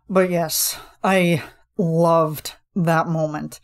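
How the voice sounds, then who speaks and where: A woman's voice: on the low side, steady tone, moderate pace. A woman hosting a podcast, chatting casually and gushing enthusiastically about a music video, with many fillers. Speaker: podcast host.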